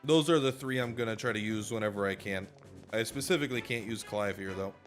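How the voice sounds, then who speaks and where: A man's voice: on the low side, fairly quick, fairly bright tone, soft background music. A tired man streaming a game, chatting casually and jokingly as he plays and yawns. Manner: rambling, jokey, reads game lines aloud. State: tired, yawning. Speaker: gaming streamer. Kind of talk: casual let's-play commentary.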